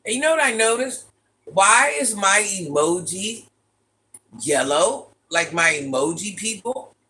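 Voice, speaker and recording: Woman, raspy deep voice, forceful and bright tone, chatty livestream host, teasing and direct. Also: animated, a little slow. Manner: chatty, teasing, talks straight to viewers. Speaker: livestream host reading chat. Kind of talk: casual live chat with viewers.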